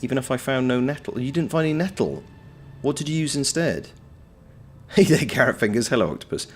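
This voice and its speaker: A man's voice: mid-range voice, expressive, brisk, slight background noise. A man chatting casually on a game livestream, reading out his chat with wry, playful banter. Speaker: game streamer.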